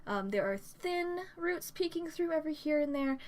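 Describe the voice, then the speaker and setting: A woman's voice: sits high, lively intonation, normal speed. A woman narrating a tabletop game as dungeon master, describing scenes with frequent fillers.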